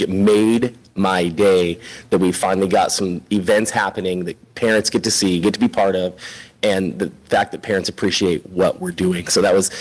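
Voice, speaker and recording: A man's voice: lowish voice, rough recording. Chatty, upbeat man giving a school report. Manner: chatty, upbeat and informal, with frequent fillers. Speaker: elementary school principal. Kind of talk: spoken report at a school board meeting.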